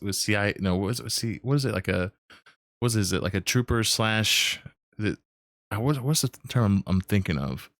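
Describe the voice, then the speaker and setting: A casual, rambling man with a low voice. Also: fairly bright tone, dry recording, studio quality. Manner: rambling, searches for words, many restarts. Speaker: podcast host. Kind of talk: casual interview chat.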